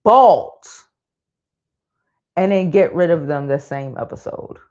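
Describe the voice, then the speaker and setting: A woman in her thirties hosts a livestream, venting bluntly in casual, profane language. Her voice sits low and mellow at a normal speed, picked up by a streaming mic with dull, lo-fi audio.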